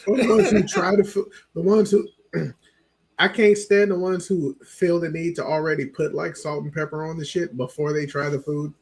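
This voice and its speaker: A man co-hosting a podcast, telling stories in a casual, animated, profane way. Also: a little high, moderate pace, husky. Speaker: podcast co-host. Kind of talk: casual chat.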